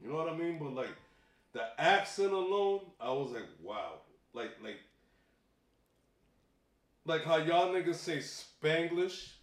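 Profane, animated man telling stories. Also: fairly high pitch, measured pace, long pauses, roomy sound. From Barbados and Jamaica heritage. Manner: profane, animated storyteller with many restarts. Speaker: comedian, podcast co-host. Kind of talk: casual chat.

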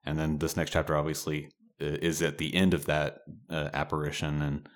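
A man's voice: rumbling low, little pitch movement, fairly quick. A man in casual conversation about a book, making wry remarks and agreeing with brief replies. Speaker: podcast co-host discussing a book. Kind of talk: casual chat.

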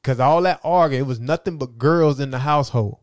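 A man in casual conversation, telling animated, slangy stories and acting out his relatives' voices. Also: mid-range voice, a little fast, no echo.

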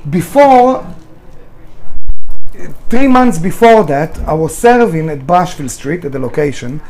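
A middle-aged restaurant founder in an interview, telling candid stories in a blunt, emotional way and swearing freely. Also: male voice, fairly high pitch, big pitch swings, measured pace, a little mellow.

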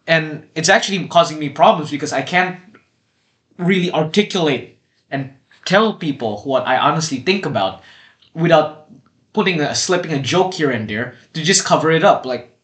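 A man's voice: a little high, lively intonation, moderate pace, fairly bright tone. A seventeen-year-old boy co-hosting a casual podcast chat, rambling with many restarts and fillers. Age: teens. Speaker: podcast co-host. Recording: echoey room.

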